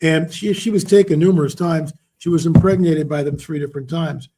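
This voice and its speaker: A man's voice: a little high, steady tone, fairly quick, noisy background. A man speaking as an interview guest, telling stories emphatically and repeating words for stress. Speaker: interview guest, author and researcher. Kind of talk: conversational interview talk.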